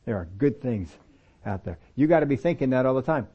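Male preacher, animated, acting out voices. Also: medium pitch, fairly quick, breathy edge. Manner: animated, acts out dialogue voices. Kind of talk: sermon. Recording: dull, lo-fi audio recording.

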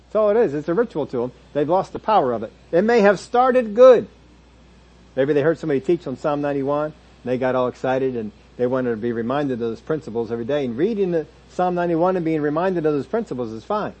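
Male preacher, husky voice, fairly high-pitched, conversational sermon, mimics churchgoers. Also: lively intonation, fast talker, a little mellow, muffled recording. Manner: conversational teaching, mimics churchgoers in quoted asides.

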